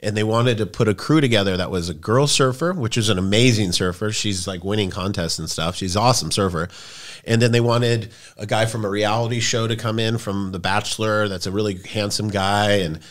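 Profane storytelling man in his forties. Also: brisk. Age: 40s. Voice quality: profane, rambling, animated. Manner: acts out quoted voices with big pitch jumps. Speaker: podcast guest. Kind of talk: casual storytelling chat.

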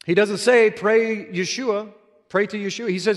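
A man's voice: sits high, fairly even intonation, measured pace, in a large hall. A man preaching a sermon as pastor, telling an earnest story with emphatic repetitions.

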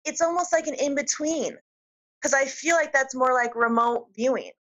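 Bright, chatty storytelling woman. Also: sits high, normal speed, poor audio. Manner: animated, chatty, laughs often. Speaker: guest. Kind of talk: storytelling interview.

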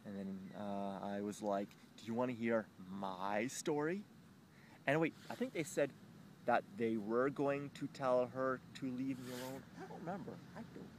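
A man telling a rambling, profane story about a neighbour dispute, halting and full of fillers, with high squeaky voices for the other people in it. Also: lively intonation, slight background noise.

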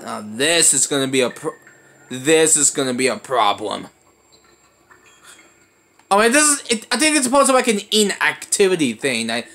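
A young man giving let's play commentary, excitable and often breaking into panicked high shouts. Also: creaky, slight background noise. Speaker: gaming channel host.

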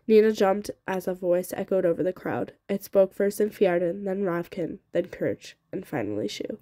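A woman narrates a novel in a steady, expressive reading voice. Her tone is soft and mellow, and the recording is dry and close with no room echo. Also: lowish voice, moderate pace, few pauses. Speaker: audiobook reader.

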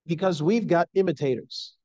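A middle-aged man preaching a sermon in an earnest, slow and emphatic way. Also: a little high, dark tone, no room sound, lo-fi sound.

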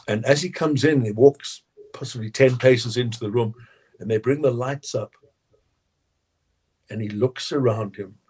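Animated, husky-voiced male storyteller. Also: mid-range voice. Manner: animated storyteller, acts out quotes, laughs often. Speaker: winemaker guest. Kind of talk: anecdotal interview talk.

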